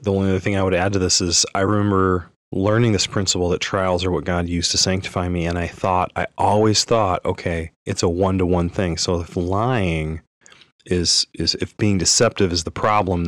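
A man's voice: low voice, steady tone, normal speed, a bit bright, no echo, clean studio sound. A man co-hosting a podcast, talking informally with frequent restarts. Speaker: podcast co-host. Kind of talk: casual podcast discussion.

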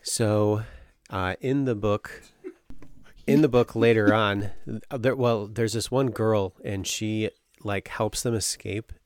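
A man with a lowish voice speaks slowly. He's a book club member casually retelling and discussing a novel with friends, rambling through an animated summary packed with filler words.

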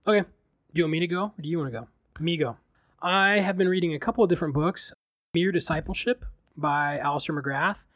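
A man's voice: fairly high pitch, quick pace, fairly bright tone, no room sound. A man in a casual podcast chat, talking reflectively with many fillers.

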